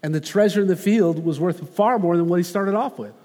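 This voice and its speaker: Pastor guy preaching, high voice, slow punchy phrases, big echoey church. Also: dark tone. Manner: earnest, measured preaching with slow emphatic phrases. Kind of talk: sermon.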